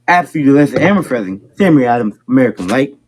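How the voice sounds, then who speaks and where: A man doing an exaggerated Boston accent as a loud beer-ad pitchman, heard in a noisy clip. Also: expressive, rapid-fire, close to an everyday voice. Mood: hyped pitch. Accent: Boston put-on.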